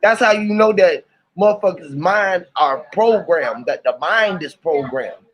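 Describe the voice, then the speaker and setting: A man hosting a live panel by phone, talking in an animated, slangy, rambling way and laughing often. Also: high-pitched, unhurried, rough recording. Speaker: host of live open panel. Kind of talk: casual live chat.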